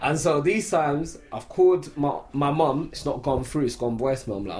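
A man's voice: fairly high pitch, moderate pace, darkish tone. A man, telling a long story in a casual podcast chat, full of "like" fillers. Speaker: podcast co-host.

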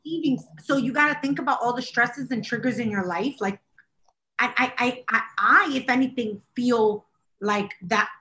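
Woman podcast co-host, casual chat, animated, laughing, fairly high voice. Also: moderate pace. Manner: animated, laughing, rambling with fillers.

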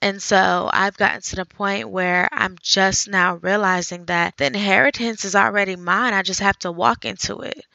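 A woman hosting a faith podcast, talking earnestly in a conversational way, thinking out loud. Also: mid-range voice, fairly even intonation, moderate pace, vocal fry, few pauses, no echo, highs cut off. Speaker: podcast host.

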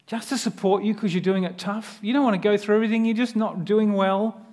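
A man's voice: high voice, steady tone, a little fast, a little mellow. A man preaching a sermon in an earnest, conversational way, often turning to the listener with direct questions.

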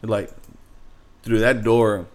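Young man, low-ish voice, casual podcast chat, rambling, swears, says bro and dude. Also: fairly even intonation, slow, darkish tone. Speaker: podcast co-host.

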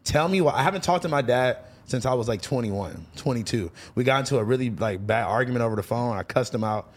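A young man, a rapper guest on a podcast, telling stories in loose casual chat, full of fillers and quick laughs. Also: medium pitch, animated. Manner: loose storytelling, heavy on fillers, laughs easily.

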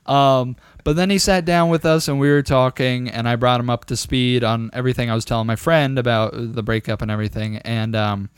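A young man co-hosting a podcast, telling a long, profane, animated story in casual chat. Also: medium pitch, a little fast, hardly any pauses, clear, resonant tone, dry recording. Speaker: podcast co-host.

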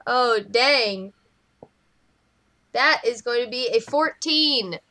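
A woman joins a tabletop game as a player, her voice high and bright. She is playful and giggles often between her lines. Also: slow. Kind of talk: playing a tabletop game, casual chat.

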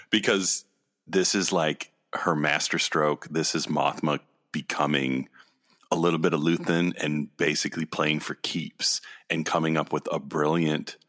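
A man co-hosting a casual podcast, playful and joking, his voice leaping up in pitch when amused. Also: a bit bright. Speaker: podcast co-host. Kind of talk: casual chat recapping a TV episode.

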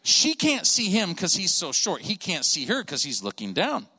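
A man doing stand-up storytelling as a comedian, animated and acting out the people in his stories. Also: sits high, moderate pace, breathy edge. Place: church auditorium. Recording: long reverb of a large hall.

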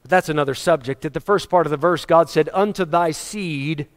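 A man's voice: a little high, steady tone, quick pace. A male pastor preaching a sermon, telling stories with emphasis. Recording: long hall reverb.

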